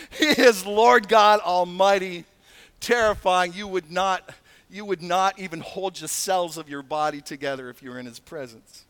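A man preaching a sermon, animated and emphatic, with frequent asides and laughs. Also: high-pitched, moderate pace, clear, resonant tone. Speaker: pastor.

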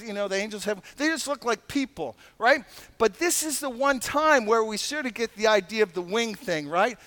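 A man preaching a sermon, animated and emphatic, with frequent asides and laughs. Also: high-pitched. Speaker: pastor.

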